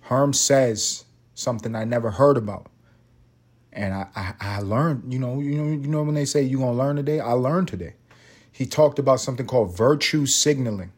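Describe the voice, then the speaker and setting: A man's voice: mid-range voice, normal speed, darkish tone, breathy edge. Profane rambling male podcast host. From Puerto Rico. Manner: rambling, profane, tangent-prone storytelling. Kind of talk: profane solo podcast rant.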